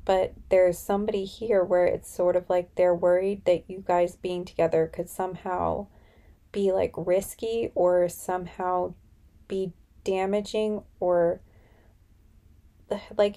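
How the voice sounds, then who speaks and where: A woman doing a casual tarot reading to camera, talking in loose, rambling runs and bubbling with excitement. Her voice sits a touch low and sounds mellow. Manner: chatty and rambling, with many "like" fillers; excitable, easily amazed. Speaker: tarot card reader and channeler.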